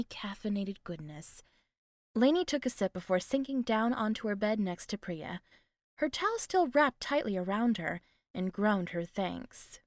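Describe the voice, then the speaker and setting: A woman narrates a story with expressive, animated delivery, her pitch moving freely over a middle-range voice. The recording is close and dry, with no room sound. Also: dry recording. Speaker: audiobook narrator. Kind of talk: scripted narration.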